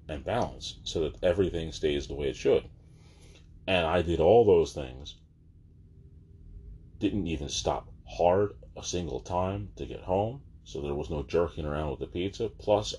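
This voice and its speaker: Deep-voiced man ranting in exasperation. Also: mellow, husky. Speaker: vlogger. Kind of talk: casual storytelling.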